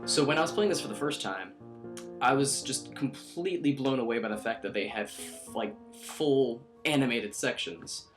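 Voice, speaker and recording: A young man giving casual, profane, rambling commentary on a visual novel playthrough, tossing in quick character voices. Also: medium pitch, lively intonation, faint music behind. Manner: rambling, profane, self-mocking, mimics characters in quick asides. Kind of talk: casual let's-play commentary.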